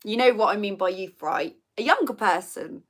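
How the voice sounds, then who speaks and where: A woman's voice: mid-range voice, expressive, normal speed, fairly bright tone. A middle-aged woman, chatting casually as host of a livestream and telling stories with plenty of asides. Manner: chatty storytelling with laughs and asides. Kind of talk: casual chat.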